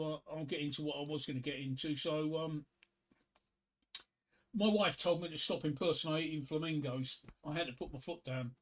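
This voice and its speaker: A middle-aged man chatting casually on his live stream, rambling between topics and reading corny one-liner jokes aloud at a home desk microphone. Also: a little high.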